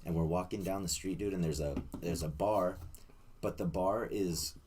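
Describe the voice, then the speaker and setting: A man's voice: sits low, moderate pace, darkish tone, slight background noise. A young man in casual podcast chat, telling a rowdy story with swearing and laughter. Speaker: guest. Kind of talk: casual storytelling among friends.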